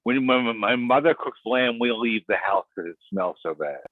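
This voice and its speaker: A man talking as a guest on a call, insistent and halting, repeating words as he makes his point. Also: mid-range voice, expressive, no room sound. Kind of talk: casual chat. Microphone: online call. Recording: tinny phone-like line.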